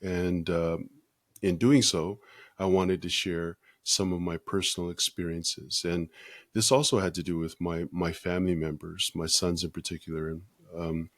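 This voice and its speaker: Deep-voiced older man, slow and thoughtful. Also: fairly even intonation, no echo, clean studio sound. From United States. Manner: slow, thoughtful, with many pauses and fillers. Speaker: podcast guest. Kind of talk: casual interview talk.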